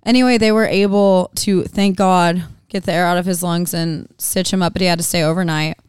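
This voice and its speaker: A woman's voice: on the low side, fairly even intonation, fairly quick, clear, resonant tone, no echo. A woman in casual podcast chat, telling a story with many "like"s, on a close mic.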